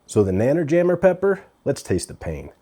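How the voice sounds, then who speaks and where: A man chatting casually as he reviews a pepper from his garden, relaxed and talkative with fillers. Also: fairly high pitch, a little fast. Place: outdoors in a garden on a hot day.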